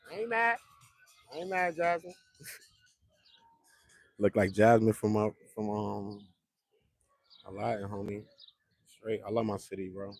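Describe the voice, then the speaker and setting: A man's voice: on the low side, slightly rough. A man, rambling casually to the camera in slang, joking and repeating himself.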